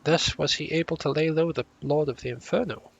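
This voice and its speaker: A proud, earnest young scholar from a fantasy game, as a man puts him on. He talks in formal, old-fashioned phrases with a slightly high, bright and rough-edged voice. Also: fairly even intonation, a little fast, highs cut off. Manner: formal old-fashioned speech, stumbles over words.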